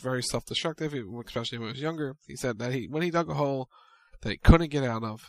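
A man's voice: mid-range voice, a little mellow, dry recording. Man recapping in a dry close voice. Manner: brisk storytelling recap, plays out the quotes. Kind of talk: casual recap of a wrestling show.

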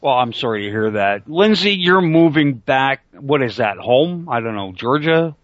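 A man's voice: medium pitch, animated, moderate pace, dry recording. A middle-aged man hosting an online talk radio show, rambling and joking crudely over a call mic. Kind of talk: casual talk radio banter. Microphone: computer call mic. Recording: dull lo-fi online call audio.

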